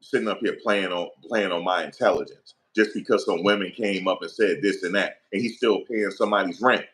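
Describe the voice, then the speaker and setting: A man's voice: deep voice, fairly quick, fairly bright tone. A middle-aged man, giving heated opinion commentary in an emphatic, profane, repetitive rant.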